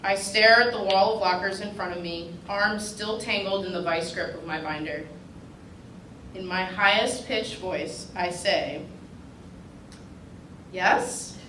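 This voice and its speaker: A woman reads her personal essay at a literary event, keeping a dry, wry tone as the audience laughs along. Her voice sits at a middle pitch. It is heard from some distance in a roomy hall with steady background noise. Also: a little slow. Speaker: fellow reading her own essay. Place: reading at a writers' retreat with a live audience.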